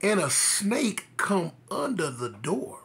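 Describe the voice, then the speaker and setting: A man's voice: sits high, slow, creaky. A man from Los Angeles telling a funny story about himself, acting out the voices with exaggerated energy. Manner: animated, acts out voices, exaggerated. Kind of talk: comic storytelling.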